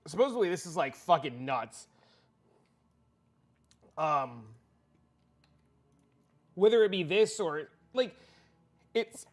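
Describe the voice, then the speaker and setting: A man's voice: high voice, sing-song, slow, pauses often, faint music behind. A man livestreaming, chatting casually with his viewers in a rambling, profane way, often repeating himself.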